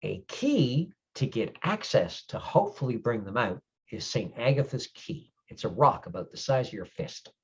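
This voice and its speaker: A man doing a grumpy changeling lord, gruff, husky, lowish voice, blunt, muffled stream audio. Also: darkish tone, heavily acted. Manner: blunt, swears, halting explanations.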